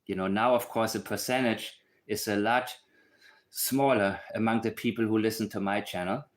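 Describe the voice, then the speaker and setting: A man's voice: fairly low pitch, fairly even intonation, normal speed. A man hosting a livestream, talking in an emphatic, blunt way with asides to his viewers. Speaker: channel host analyzing a case. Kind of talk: casual livestream commentary.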